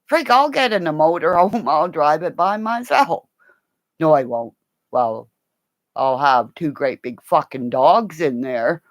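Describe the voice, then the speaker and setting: Uma mulher com sotaque canadense numa transmissão ao vivo, falando deitada num celular, rindo e xingando, pulando de assunto em assunto. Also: female voice, deep voice, lively intonation, a little slow, dry recording. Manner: giggly, swearing, jumps between topics and laughs often. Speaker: livestream host. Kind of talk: rambling livestream chat. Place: home, lying down. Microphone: phone held while lying down.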